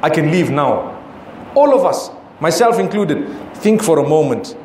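A man's voice: on the high side, very animated, a little slow, a little mellow, a little hiss or hum. A middle-aged man giving a sermon as an Islamic preacher, emphatic and full of rhetorical questions. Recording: echoey hall with faint ambience.

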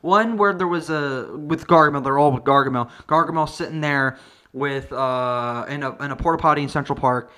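A video reviewer ranting about a movie with exasperated, profane comic energy, sometimes jumping into high-pitched outbursts. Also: normal speed, bright, forceful tone. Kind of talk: comedic movie review rant.

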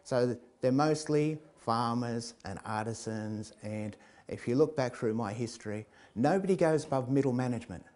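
A man telling a comic tale, lively and chuckling, building to loud climaxes. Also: medium pitch, normal speed, few pauses. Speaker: storyteller. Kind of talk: comic oral storytelling.

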